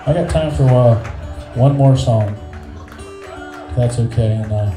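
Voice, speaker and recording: A man doing stand-up, telling a rambling story and landing deadpan punchlines. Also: medium pitch, unhurried. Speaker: stand-up comedian and singer-songwriter. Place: small bar stage with a live audience. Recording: roomy bar sound with guitar playing. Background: acoustic guitar.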